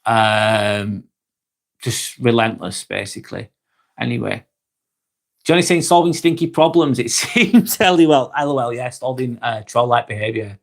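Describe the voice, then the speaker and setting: A young British man hosting a live vlog stream, reading out viewer comments in a relaxed, chatty way with frequent ums and quick laughs. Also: mid-range voice, creaky. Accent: British English. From England.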